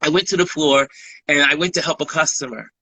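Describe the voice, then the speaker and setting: A man's voice: a little high, a little fast, no room sound, low-quality recording. A man, a guest photographer, talking casually in a live-stream interview and acting out the voices of the people in his stories. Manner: lively storyteller who acts out quoted dialogue.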